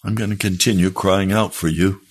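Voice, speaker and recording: A man's voice: steady tone, moderate pace, husky. A middle-aged male pastor preaching a sermon, reading from a testimony and pleading earnestly with his listeners. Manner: earnest, pleading, rises in pitch when exhorting. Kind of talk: sermon with read-aloud testimony.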